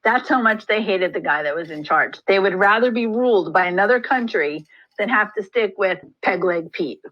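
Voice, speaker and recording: A woman's voice: medium pitch, lively intonation, moderate pace, dull audio. A woman history teacher giving a recorded lesson, chatty and full of joking asides. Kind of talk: classroom lesson screencast.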